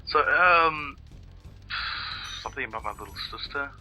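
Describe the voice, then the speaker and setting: A man co-hosting a gameplay video, talking in loose, rambling stretches full of swearing and half-finished thoughts. His voice has a very bright, cutting edge, and he pitches at an ordinary middle level for a man. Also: expressive, normal speed, faint music behind. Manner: rambling, profane, searching for words. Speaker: let's play co-host. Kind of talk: casual chat over gameplay.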